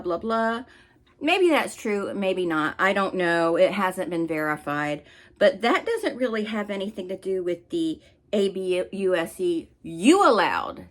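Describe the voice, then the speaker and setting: A woman hosting a commentary channel, delivering an angry, scolding rant with blunt swearing. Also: fairly low pitch.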